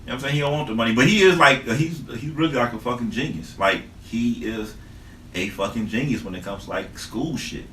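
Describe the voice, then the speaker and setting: A man hosting a podcast in casual chat, telling animated stories with lots of swearing. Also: mid-range voice, a little fast, a little hiss or hum. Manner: animated storytelling, heavy swearing. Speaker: podcast host. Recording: echoey room mic from a distance.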